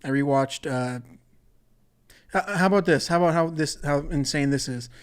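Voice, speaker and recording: A man's voice: fairly high pitch, moderate pace, clear, resonant tone. A man hosting a solo comedy podcast, rambling and profane, often cutting himself off mid-thought. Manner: rambling, profane, self-interrupting. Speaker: podcast host.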